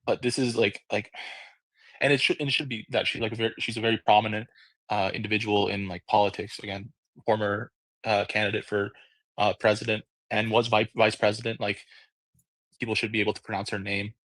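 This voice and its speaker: A man's voice: fairly low pitch, flat delivery, brisk, a bit bright, dry recording. A man speaking on an online panel, hesitant and full of fillers and restarts. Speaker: audio room panelist. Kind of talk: casual discussion.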